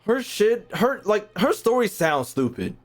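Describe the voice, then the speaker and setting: A man streaming a video game, reacting in loud, profane, casual commentary. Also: sits high, big pitch swings, measured pace, soft background music. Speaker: gaming streamer. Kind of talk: casual let's-play commentary.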